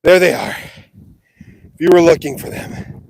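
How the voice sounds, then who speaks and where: A man's voice: a little high, measured pace, creaky, darkish tone. A man livestreaming from a farm on his phone, joking about himself while he works and catches his breath. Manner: jokey self-mocking chatter while working outdoors. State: out of breath and sweaty. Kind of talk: casual live vlog. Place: outdoors on a farm property, windy. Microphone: phone held or carried while working.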